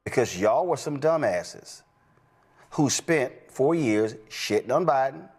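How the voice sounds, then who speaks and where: A man's voice: mid-range voice, animated, takes it slowly, a little mellow, breathy edge. A man in a played clip, scolding his listeners with a list of accusations.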